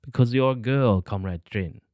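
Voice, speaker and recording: A man's voice: on the low side, moderate pace, darkish tone, no room sound, studio quality, natural voice. A man reading a boisterous sixteen-year-old boy who teases, in an audiobook. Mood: teasing. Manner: boisterous, teasing.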